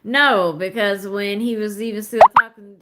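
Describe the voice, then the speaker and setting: Against heavy background noise, a woman in her thirties hosts live commentary in a medium-pitched, steady voice at normal speed. She's blunt and emphatic with plenty of profanity, addressing her viewers directly in a casual, conversational tone.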